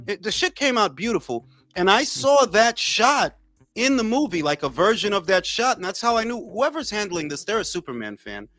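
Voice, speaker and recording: A man hosting a casual boxing panel chat, excitable, profane and rambling. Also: high-pitched, normal speed, no echo. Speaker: podcast host.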